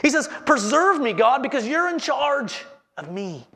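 A man's voice: extremely high pitch, sing-song, unhurried, sharp tone. A man preaching a sermon as pastor, earnestly repeating his headings and asking the congregation questions.

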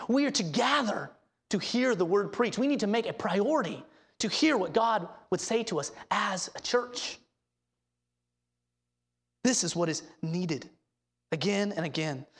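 A woman with a voice pitched a bit above the usual preaches a sermon from the pulpit. She speaks earnestly and with emphasis, and her voice sinks low and soft on the words she wants to land. She keeps asking the congregation questions. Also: breathy edge. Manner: asks the congregation rhetorical questions. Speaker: pastor.

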